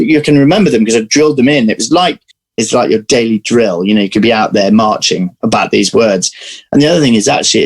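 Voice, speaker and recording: A man being interviewed as an actor, telling lively anecdotes in casual chat over a video call. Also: mid-range voice, husky, rough recording. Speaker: actor guest.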